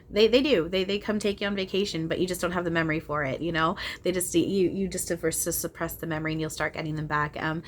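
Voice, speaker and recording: A young woman with a lowish voice chats earnestly to camera about her spiritual encounters, animated and full of restarts. She sounds like she is at home in a small room, with a faint hum of background noise behind her. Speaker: spiritual channeler and video host. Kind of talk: casual spiritual chat to camera.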